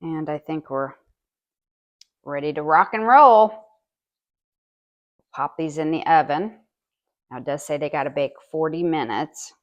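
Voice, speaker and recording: A woman's voice: deep voice, a little slow, long pauses, muffled recording. A woman vlogger chatting casually in her home kitchen as she bakes and tastes, talking with her mouth full now and then. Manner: chatty and homey, talks while tasting. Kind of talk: casual cooking demonstration.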